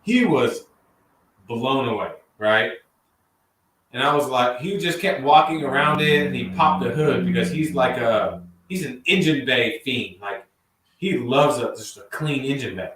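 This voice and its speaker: A man's voice: medium pitch, a little slow. Hyped guy on a call, keeps saying dude and man, mic far off in an echoey room w faint hiss. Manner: excited, chatty, says "man" and "dude" a lot. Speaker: guest detailer. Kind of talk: casual livestream chat. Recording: roomy, distant mic with faint background hiss.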